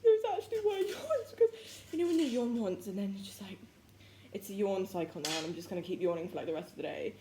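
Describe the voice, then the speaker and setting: A woman's voice: on the low side, fast. A young woman chatting in a rambling, giggly way, full of "like" and "literally", while she cooks at home and keeps yawning from tiredness. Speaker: vlogger. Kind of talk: casual chatty vlog while cooking. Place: home kitchen, indoors. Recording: echoey room with faint background noise.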